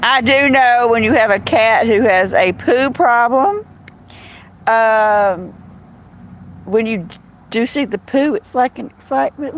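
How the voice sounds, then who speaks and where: A woman's voice: a little high, takes it slowly, slight background noise, poor audio. A woman hosting a casual live stream, chatting bluntly and rambling while answering viewers' comments. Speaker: live-stream host reading chat.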